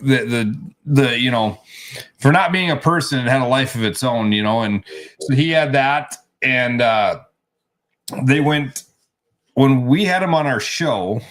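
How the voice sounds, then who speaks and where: A man's voice: mid-range voice, lively intonation, unhurried, fairly bright tone. A man co-hosting a casual chat, telling a story in a rambling way with many restarts. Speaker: co-host.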